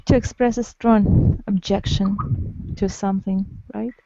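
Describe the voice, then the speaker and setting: A woman's voice: medium pitch, steady tone, a little slow, vocal fry, warm tone, no echo, highs cut off. A woman teaching an online English class, patiently repeating and confirming her students' words.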